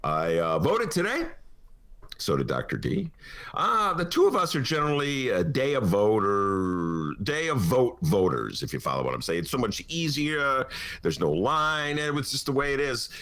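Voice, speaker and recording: A middle-aged podcast host talks casually from a studio, rambling through jokes and asides and chuckling often. His mid-range, fairly bright voice swings widely in pitch at a normal speed.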